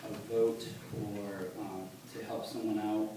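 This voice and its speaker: A man giving a halting, earnest personal testimony at church, recorded on a phone from the congregation. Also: on the low side, flat delivery. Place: church sanctuary. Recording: echoey church on a distant phone, noisy.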